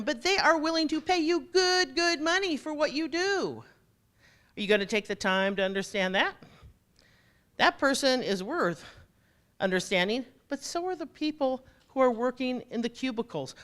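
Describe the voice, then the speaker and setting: Woman keynote speaker, lively swooping pitch, jokey, talks straight to the audience. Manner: animated, jokey, addresses audience directly. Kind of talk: motivational keynote talk.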